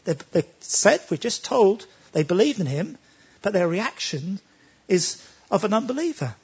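A man preaching with emphatic conviction, his voice high and swinging widely in pitch. His tone is husky and breathy, and the sermon comes through a dull, lo-fi recording. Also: big pitch swings, a little slow, a little mellow. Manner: emphatic, with rhetorical questions.

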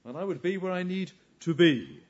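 A man preaching a sermon. He asks rhetorical questions and swings between hushed lines and forceful emphasis. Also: sits high, sing-song, normal speed, muffled recording.

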